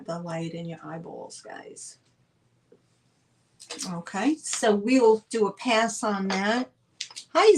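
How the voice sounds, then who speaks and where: A woman hosts a live online sale. She talks in a slow, unhurried way. She chats warmly and gushes to her viewers. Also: medium pitch, rough recording. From northern United States. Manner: chatty, gushing, talks to viewers directly. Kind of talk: casual live sale chat.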